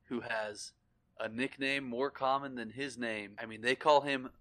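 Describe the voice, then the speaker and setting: A man's voice: mid-range voice, fairly even intonation, a little slow, sharp tone. A man co-hosting a podcast in casual chat, joking and slipping into silly voices. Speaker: podcast co-host.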